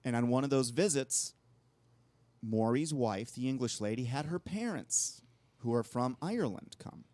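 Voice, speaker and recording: A man's voice: mid-range voice, animated, moderate pace, a little mellow, dry recording. A man co-hosting a talk show, telling long rambling anecdotes in casual conversation. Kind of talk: casual storytelling chat.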